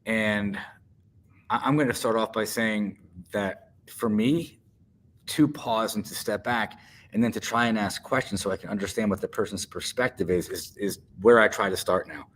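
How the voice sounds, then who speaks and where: A man with a fairly low voice speaks thoughtfully in a casual podcast chat. He often repeats words while he works out what he means. A faint hiss of noise sits behind him. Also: normal speed, fairly bright tone. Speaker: co-host.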